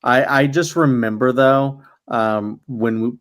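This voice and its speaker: A man of middling pitch co-hosting a film podcast, his talk rambling and hesitant and full of fillers. He sounds relaxed and chatty. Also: slow. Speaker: podcast co-host. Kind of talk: casual film discussion.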